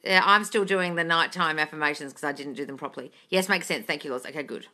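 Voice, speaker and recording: Speaking fast in a low, bright, forceful voice, a woman manifesting coach hosts a relaxed live stream. She picks questions from the chat, reads them out, and replies with blunt, heavily profane answers, her intonation slightly British.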